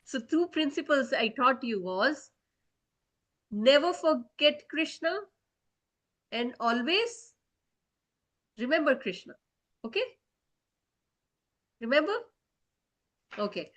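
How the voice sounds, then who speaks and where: A woman whose voice sits fairly high leads a children's lesson, telling a story with lively energy. She keeps asking the kids "okay?" and "right?" to keep them engaged. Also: takes it slowly, long pauses. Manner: animated, checks in often with the kids. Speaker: children's teacher.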